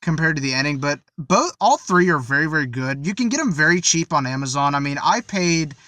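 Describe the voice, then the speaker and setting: A man's voice: fairly high pitch, animated, a little fast, pushed and bright, no room sound. A man co-hosting a casual podcast, an eager fan recommending things he loves. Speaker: podcast co-host. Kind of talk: casual chat.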